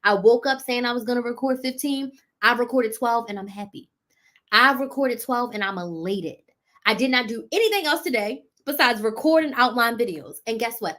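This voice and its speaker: A fairly high-voiced woman talks straight to her viewers on a live stream. She coaches and sells with emphatic, punchy rhetorical questions, driving her points home by repeating them. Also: normal speed, fairly bright tone. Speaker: business coach.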